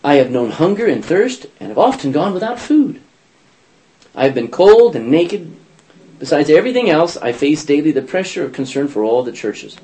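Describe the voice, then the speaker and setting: Animated man teaching a Bible class. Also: on the high side, moderate pace, rough recording. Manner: acts out scripture quotes in character voices; quizzes listeners with questions.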